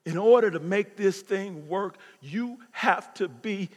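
A man in his fifties preaching a sermon as pastor, swinging from loud preaching to hushed near-whispers. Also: high voice, slow. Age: 50s. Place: church sanctuary. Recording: long hall reverb.

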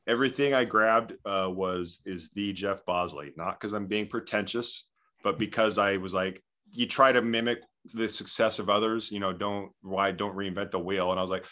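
Self-mocking man, lower voice. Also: steady tone, normal speed, bright, forceful tone. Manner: self-mocking, laughs often. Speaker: podcast guest, content creator. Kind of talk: casual chat.

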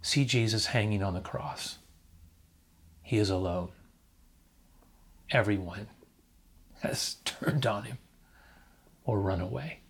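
A male preacher delivers a reflective sermon at an unhurried, deliberate pace. His voice sits low with a husky edge, rising to emphatic points and pausing to invite the congregation to repeat after him.

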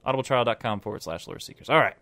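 An excitable man co-hosts a podcast in a casual, joking way and laughs easily. His voice sits in a middle range for a man, and the recording is dry and close with almost no room sound. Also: medium pitch, rapid-fire, no room sound. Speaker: podcast co-host. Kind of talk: casual chat.

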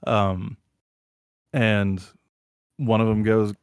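A man casually recounting a TV scene on a podcast, animated and profane, swearing freely. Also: lowish voice, normal speed, no room sound, clean studio sound. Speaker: podcast host. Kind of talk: casual chat, retelling a show scene.

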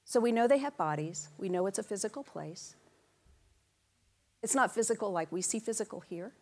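A woman preaching a sermon in a church, animated and playful, calling out to the congregation in loud bursts and acting out quotes in put-on voices. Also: mid-range voice, normal speed.

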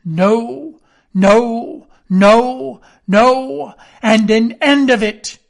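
A man's voice: high-pitched, lively intonation, extremely slow, vocal fry, husky, heavily acted. A man reading an audiobook, voicing a cantankerous old sea captain who bellows and demands. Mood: roaring. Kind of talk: audiobook character voice.

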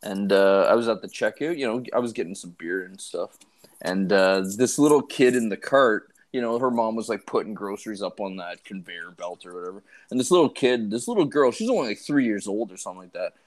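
A man's voice: lowish voice, a little fast. Man telling stories on a podcast. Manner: animated storyteller, swears freely. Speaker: podcast co-host. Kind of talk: casual podcast chat.

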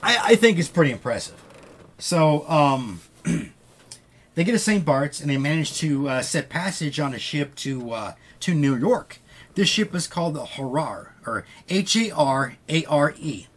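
A man's voice: on the high side, lively intonation, a little slow. A man hosting a podcast, casually retelling a story with loose quoted dialogue and frequent swearing. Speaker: podcast host.

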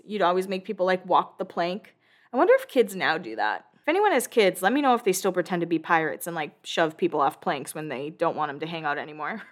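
Recapping a reality show on her podcast, a woman in her thirties chats and gossips casually in a lowish, slightly bright voice. She swears freely and acts out what the cast said in quick bursts.

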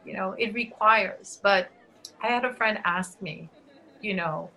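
A woman's voice: mid-range voice, brisk, sharp tone, rough recording. A woman who works as a dual language teacher, speaking earnestly with restarts and Spanish phrases in an interview. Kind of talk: reflective interview answer.

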